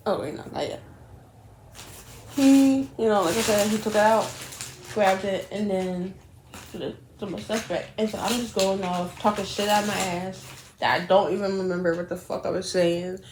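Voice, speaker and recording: A young woman telling a rambling, animated story while doing her makeup, swearing often and correcting herself as she goes. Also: mid-range voice, measured pace, noisy background.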